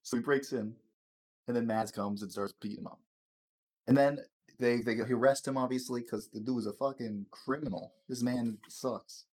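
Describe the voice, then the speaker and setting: A man's voice: medium pitch, fairly even intonation, moderate pace, darkish tone, slightly rough. A man hosting a casual chat, rambling and swearing through a TV episode recap, stumbling over words and laughing.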